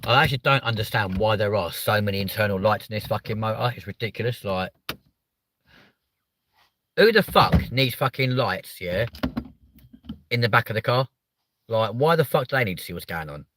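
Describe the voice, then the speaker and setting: A young man hosting a live comedy stream from a car, sweary and mocking, jumping from loud outbursts to muttered asides. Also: lowish voice, expressive, normal speed, long pauses, slight background noise. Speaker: host of a live stream show. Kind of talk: crude comedic live chat.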